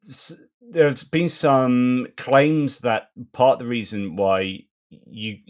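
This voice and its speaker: A middle-aged man hosting a live-stream news commentary in a chatty, rambling way, with many pauses and restarts. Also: medium pitch, expressive.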